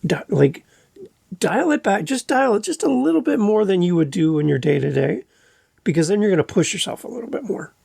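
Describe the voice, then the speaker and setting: Man, podcast host, relaxed casual chat, gravelly, dry close mic. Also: sits high, dry recording. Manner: relaxed, unhurried conversational delivery. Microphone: podcast microphone.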